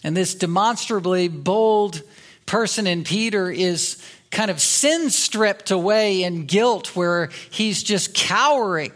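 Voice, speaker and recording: Man, high voice, middle-aged, sermon, earnest, repeats his points for emphasis. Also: animated, slow pace, fairly bright tone. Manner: earnest expository preaching with emphatic repetition. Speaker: pastor.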